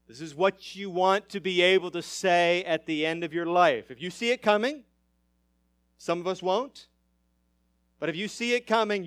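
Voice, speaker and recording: A man pastor preaching a sermon emphatically, his loudness rising and falling. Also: sits high, clear, resonant tone, dry recording, clean studio sound.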